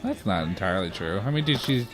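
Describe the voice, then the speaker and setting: A young man co-hosting a let's play, laid-back but quick to argue a point. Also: low-pitched, big pitch swings, soft background music. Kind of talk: casual gameplay banter.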